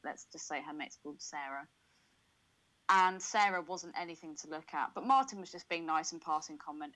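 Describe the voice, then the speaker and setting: A woman's voice: on the low side, fairly bright tone, low-quality recording. Crude, laughing woman podcaster. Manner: crude, swearing, laughs often. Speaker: podcast co-host. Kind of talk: casual podcast chat.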